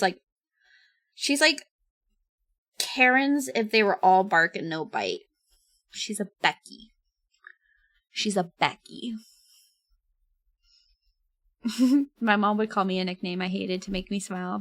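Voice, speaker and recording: A young woman streaming while she draws, chatting casually, giggling often and reading chat out loud. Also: mid-range voice, no echo, studio quality.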